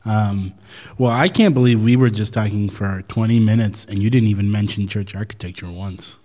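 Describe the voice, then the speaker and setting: A man's voice: lowish voice, moderate pace, mellow. A man co-hosting a casual talk show, making wry joking asides. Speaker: podcast co-host. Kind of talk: casual conversational chat. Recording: long hall reverb.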